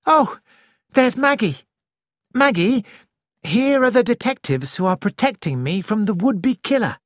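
A reader voicing a lively, restless young woman with a bright, breathless, gushing manner, in an audiobook. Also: medium pitch, measured pace, no echo, studio quality, pitched above the performer's own voice, natural voice. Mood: chatty. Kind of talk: audiobook character voice.

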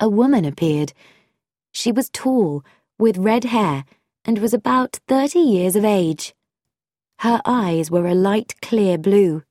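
A woman narrating a storybook in a clear, measured way. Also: medium pitch, animated, warm tone, no room sound, studio quality. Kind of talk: storybook reading.

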